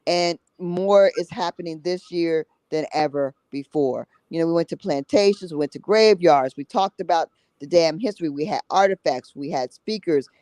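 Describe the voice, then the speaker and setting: A woman with a fairly low, warm voice talks at normal speed with hardly any pauses, recorded dry and at low quality. She's a summit organizer appearing as a talk show guest, passionate and conversational, blunt and salty, repeating herself and tagging points with "okay?".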